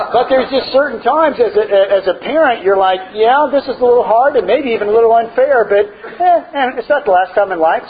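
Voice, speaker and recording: A man's voice: high voice, phone-quality sound. A middle-aged man answering a parenting question, telling stories and laughing often as he talks. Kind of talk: casual parenting advice talk.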